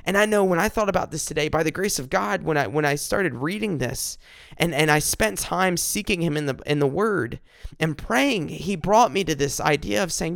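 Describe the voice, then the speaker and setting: A man's voice: on the high side, expressive, moderate pace, vocal fry, no echo, studio quality. A young man giving an earnest devotional talk, often repeating words and phrases for emphasis. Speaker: devotional speaker.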